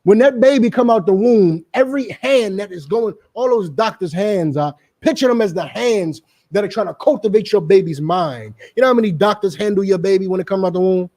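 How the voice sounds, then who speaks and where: Brisk and barely pausing, a middle-aged religious group speaker on a radio show talks in a high, mellow voice. His commentary is a repetitive, emphatic sermon-style lecture, and he addresses people around him by name.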